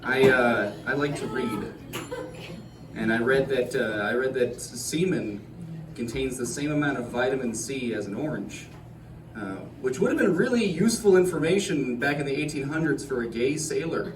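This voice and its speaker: A male stand-up comedian telling a rambling, self-deprecating set in deadpan. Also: mid-range voice, normal speed, far from the mic, noisy background. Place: comedy club stage. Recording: roomy club sound with crowd laughter.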